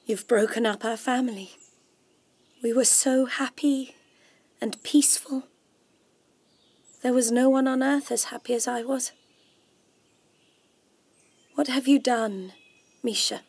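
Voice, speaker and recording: A wounded, tearful young wife. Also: female voice, a little high, slow, long pauses, a little mellow, husky, no echo, heavily acted. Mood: bitter. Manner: anxious, reproachful, tearful. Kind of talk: radio drama acting.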